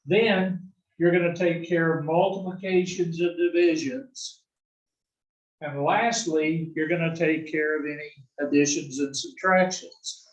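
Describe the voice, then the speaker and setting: Slow-talking male math instructor in echoey room. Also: fairly high pitch, fairly even intonation, far from the mic, highs cut off. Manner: slow, explanatory, asks and answers own questions. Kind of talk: recorded classroom lecture.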